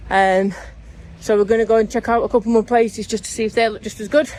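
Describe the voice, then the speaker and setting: A woman's voice: fairly high pitch, fairly even intonation, fast talker, a little mellow. A middle-aged woman, chatting casually and joking as she vlogs to a handheld camera. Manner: chatty and jokey, laughs often. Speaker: travel vlogger. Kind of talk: casual vlog chat.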